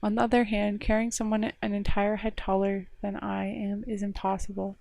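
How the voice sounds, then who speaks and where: A woman's voice: medium pitch, little pitch movement, unhurried, creaky, dark tone, no echo. A woman game streamer reading a visual novel aloud on a live stream, narrating with short offhand asides.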